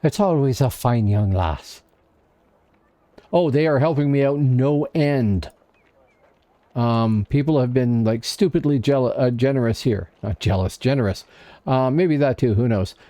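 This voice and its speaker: Slow-talking mellow man streaming a game. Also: medium pitch, no room sound. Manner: chatty, talks to himself and chat while playing. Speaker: livestream gamer. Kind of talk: casual live gameplay commentary.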